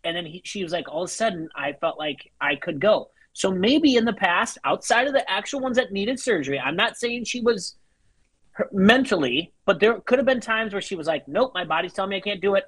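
A husky, slightly breathy co-host argues a point in loose chat, stacking up quotes and asking the listener to think it over. Lines often drop off quieter at the end. The sound is close and dry. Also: mid-range voice, animated, fast talker, no room sound, rough recording. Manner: argumentative, builds a point, quotes people, trails off quietly. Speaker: podcast co-host. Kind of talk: casual chat recapping a reality show.

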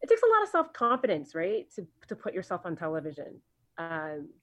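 Lady with a low voice rambling thru her story on a podcast, lots of um and like, dry sound. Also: huge pitch swings, a little fast, fairly bright tone, no echo, dull audio. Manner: chatty, rambling, many ums and likes. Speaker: podcast guest, TV producer. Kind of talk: casual interview storytelling.

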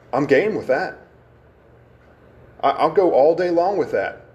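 A man's voice: a little high, expressive, darkish tone. Man teaching scripture, quizzing his listeners. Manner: engaging, quizzes the congregation, stresses words by slowing down. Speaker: pastor. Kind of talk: conversational Bible teaching.

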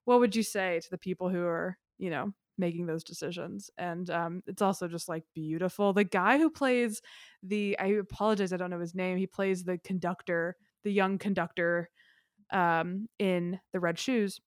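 A woman co-hosting a podcast chats casually about films in a fairly low voice with fairly even intonation, speaking at normal speed. She's enthusiastic and rambling, full of fillers. The recording is dry, with clean studio sound.

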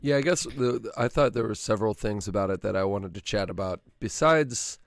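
A young man with a low, gravelly voice talks loosely on a podcast, joking and rambling through his opinions. The sound is dry and close. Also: fairly quick, no room sound. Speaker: podcast co-host. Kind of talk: casual chat.

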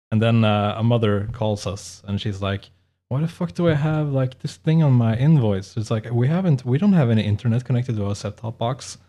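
A man co-hosts a casual podcast, spinning long, rambling anecdotes. His voice sits a little low, and he breaks into laughter often. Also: dark tone. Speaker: podcast co-host. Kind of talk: casual chat.

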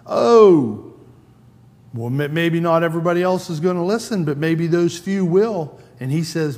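Slow-preaching man in a reverberant hall. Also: on the high side, animated, darkish tone. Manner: conversational, acts out quoted lines in a raised voice. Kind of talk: sermon. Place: church sanctuary.

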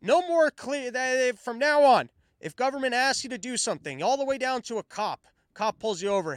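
A man's voice: extremely high pitch, very animated, moderate pace, slight background noise. A man hosting his own show, commenting on the news in a sarcastic, profane rant. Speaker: podcast host.

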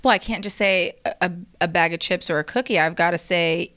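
A woman in her thirties, co-hosting a casual chat and telling animated stories about her kids. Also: fairly low pitch, fairly quick. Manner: chatty storyteller, animated quoted voices. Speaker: co-host.

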